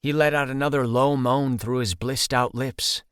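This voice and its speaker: A man narrating an audiobook in the first person, steady and intimate. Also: mid-range voice, moderate pace, clean tone, no room sound, clean studio sound.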